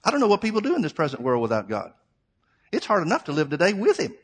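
A middle-aged preacher delivering a sermon to his congregation, moving between scripture reading and plain, conversational explanation. His voice sits a little higher than most men's. He keeps asking rhetorical questions and calls his listeners "folks.". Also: wildly swooping pitch, quick pace, slightly rough.

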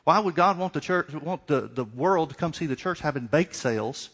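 A man's voice: a little high, expressive, normal speed, a bit bright, slightly rough. A middle-aged man preaching a sermon, asking repeated questions and acting out little dialogues. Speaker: pastor.

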